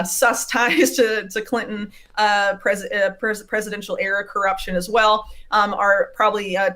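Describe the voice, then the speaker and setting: A woman's voice: medium pitch, fairly bright tone. A woman speaking as an interview guest and investigative writer, explaining at length with many uhs and ums. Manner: detailed, fact-heavy explaining with frequent uhs and ums. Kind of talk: remote interview.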